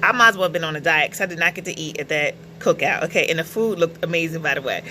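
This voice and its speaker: Chatty woman with a bright voice. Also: deep voice, fast talker, slight background noise, low-quality recording. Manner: chatty, animated, laughs while telling stories. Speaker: vlogger. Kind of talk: casual storytelling vlog.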